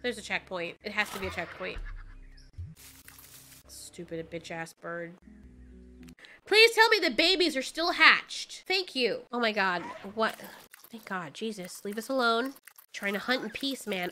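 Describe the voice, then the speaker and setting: A woman commentating live as she plays a video game, reacting loudly and swearing at the game in exasperation. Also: fairly high pitch, very animated, unhurried, faint music behind. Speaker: gaming channel host.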